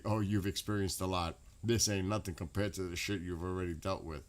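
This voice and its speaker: A man's voice: deep voice, steady tone, normal speed, few pauses. A man, chatting casually and profanely to his late-night stream audience. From New York. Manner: rambling, profane, laughs loudly.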